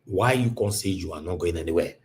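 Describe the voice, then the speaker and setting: A man with a Nigerian accent hosts a live stream in a low voice. He talks emphatically, repeats himself and slips into pidgin, with a faint hum of the room behind him. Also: fast talker, darkish tone. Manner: emphatic, repetitive, mixes in pidgin. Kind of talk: casual live-stream monologue.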